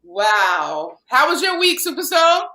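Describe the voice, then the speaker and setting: A woman who works as a vocal coach, co-hosting a casual chat over a remote call. She teases playfully and is quick to laugh. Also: high voice, big pitch swings, sharp tone.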